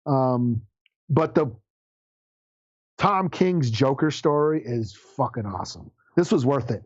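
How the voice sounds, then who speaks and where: A man's voice: mid-range voice, expressive, takes it slowly, dry recording, dull audio. A man co-hosting a podcast, retelling a comic story in casual chat, swearing and laughing along the way. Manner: rambling, profane, laughs while retelling. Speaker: podcast co-host.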